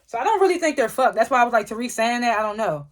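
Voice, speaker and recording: A woman's voice: a little high, rapid-fire. A woman giving a casual, slangy recap and review of a TV episode, swearing often. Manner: animated retelling, frequent swearing, slangy. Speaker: TV show reviewer.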